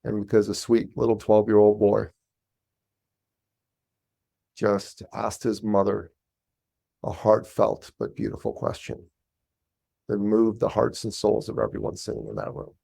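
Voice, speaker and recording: Podcast guest: man, mellow warm tone, animated storyteller voicing others. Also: lowish voice, a little slow, creaky, pauses often. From Canada. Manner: animated storyteller, acts out quoted voices. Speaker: business coach guest. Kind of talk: storytelling interview.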